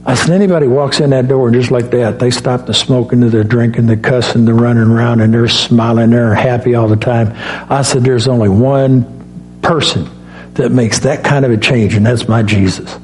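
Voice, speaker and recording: A man's voice: medium pitch, steady tone, normal speed, a little mellow, faint music behind. Folksy male preacher telling stories. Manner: folksy, storytelling with quoted dialogue. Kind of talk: sermon with personal stories.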